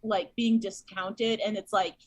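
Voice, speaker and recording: A woman's voice: medium pitch, flat delivery, unhurried, dry recording. A woman guest on a podcast, telling her thoughts hesitantly with many fillers in casual chat.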